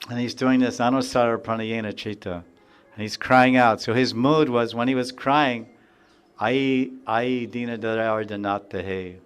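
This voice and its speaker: A man giving a devotional lecture, reciting verses and explaining them phrase by phrase with pauses and repetition, lifting his voice when he quotes heartfelt pleas. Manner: rises in pitch and volume when quoting heartfelt pleas; frequent pauses with fillers. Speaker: spiritual teacher.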